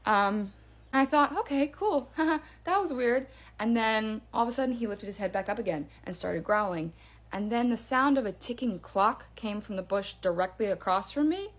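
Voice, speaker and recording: A woman's voice: mid-range voice, a bit bright. A woman casually telling a first-person scary story in a chatty way, with fillers and restarts.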